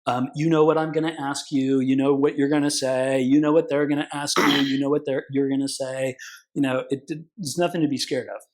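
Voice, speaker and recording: A man's voice: medium pitch, flat delivery, a little fast, darkish tone, low-quality recording. Rich: A man in an interview telling war stories from his law practice with plenty of animation. He jumps into the voices of the people he quotes, swears casually and keeps the talk loose and conversational. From California. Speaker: consumer protection attorney, guest.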